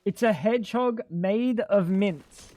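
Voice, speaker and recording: A young man with a high-pitched, warm voice speaks slowly while livestreaming a game. He banters with his chat in a joking, profane way during the casual stream.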